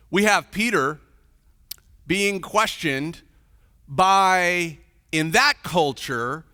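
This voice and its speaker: A man's voice: fairly high pitch, sharp tone, dry recording, studio quality, big-room sound. A man preaching a sermon as pastor, telling the story with animation and acting out the quoted voices. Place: large church hall.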